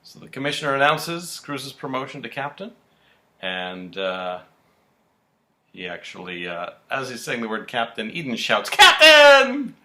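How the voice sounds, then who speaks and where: A man co-hosting a podcast, casually recapping soap-opera episodes in an animated storytelling way and acting out the characters' lines. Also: medium pitch, moderate pace. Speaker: podcast co-host.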